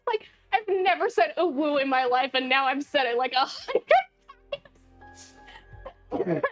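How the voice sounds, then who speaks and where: A young woman with a high, light voice reads game dialogue aloud on a live stream, often dissolving into giggles between lines. Faint music plays underneath. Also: animated, unhurried. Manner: giggly, keeps breaking into laughter while reading.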